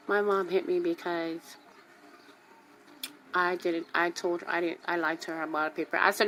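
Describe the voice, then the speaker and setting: A woman's voice: fairly low pitch, moderate pace. A woman hosting a radio talk show, telling a personal story casually and acting out each voice, often repeating herself for emphasis. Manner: animated, acts out quotes, repeats herself for emphasis.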